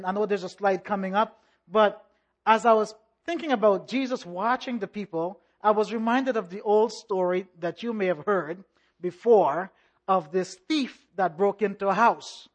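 A pastor preaching a sermon with rhythmic repetition and call-and-response, in a measured, emphatic delivery. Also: medium pitch.

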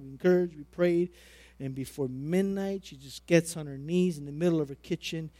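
A middle-aged man preaching a sermon, telling a personal story with repeated phrases and big swings between loud and quiet. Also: a little high, no echo.

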